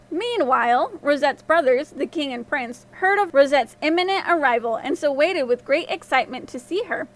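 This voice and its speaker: A woman with a high voice narrates a fairy tale for a podcast. Her reading is expressive and lively, moving the story along. It is scripted storytelling narration. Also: moderate pace, few pauses.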